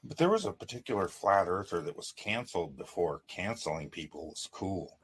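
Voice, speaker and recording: A man's voice: sits low, very animated, brisk, slight background noise. A man hosting a show, talking in a sarcastic, emphatic monologue. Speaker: host. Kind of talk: monologue commentary.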